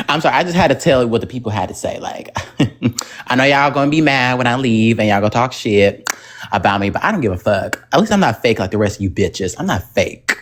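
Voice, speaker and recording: A livestream host goes off in a heated, profane rant. The delivery is brash and dismissive, and the pitch swings widely from line to line. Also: expressive, moderate pace.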